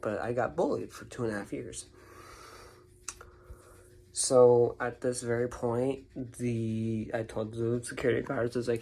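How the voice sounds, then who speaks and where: Young male vlogger, husky and gravelly, rambling storyteller. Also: medium pitch, a little mellow, rough recording. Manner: rambling, repeats words and restarts. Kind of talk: casual storytelling monologue.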